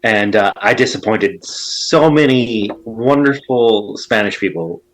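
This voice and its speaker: A fairly low-voiced man from Calgary, Alberta, chatting as a guest on a podcast call. His humor is dry and deadpan, and he delivers short wisecracks in a matter-of-fact way. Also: slow, low-quality recording. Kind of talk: casual chat. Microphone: video call.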